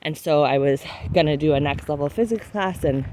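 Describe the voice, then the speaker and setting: A woman's voice: sits low, a little fast, dark tone, slight background noise. A woman hosting a podcast, talking in a casual, candid and reflective way, often filling with "like". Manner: candid, chatty, heavy use of "like". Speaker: podcast host.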